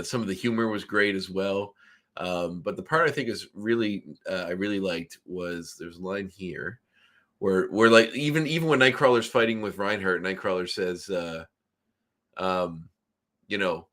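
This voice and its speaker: Low-voiced Canadian man, rambling podcast chat. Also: a little slow, a bit bright. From Nova Scotia, Canada. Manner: rambling, many fillers and restarts. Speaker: podcast co-host. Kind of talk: casual chat.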